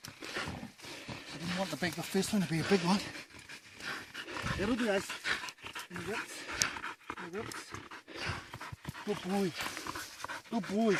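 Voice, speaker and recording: A man, a pig hunter talking casually out in the bush, calling loudly to his dogs and mates. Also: high-pitched, takes it slowly, pauses often. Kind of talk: casual outdoor chat on a hunt. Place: outdoors in bush on a hunt. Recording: noisy outdoor camera audio.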